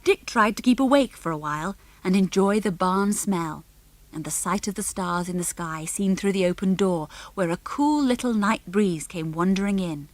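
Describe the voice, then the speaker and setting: Woman reader for a children's audiobook, measured and clear, mid pitch, dry studio. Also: animated, no room sound. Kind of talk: scripted narration.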